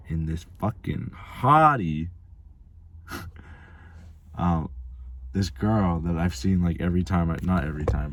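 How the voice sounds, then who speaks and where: Deep-voiced with a breathy edge, this vlogger rambles casually through a story, swearing plenty and leaning heavily on "like" as filler.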